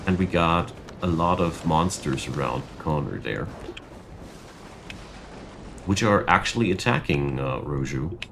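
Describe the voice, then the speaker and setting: A man's voice: rumbling low, animated, a little slow, vocal fry, pauses often, fairly bright tone, a little hiss or hum. A young man commentating his strategy game and ranting in frustration over bad luck. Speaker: gaming channel host. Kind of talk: gameplay commentary.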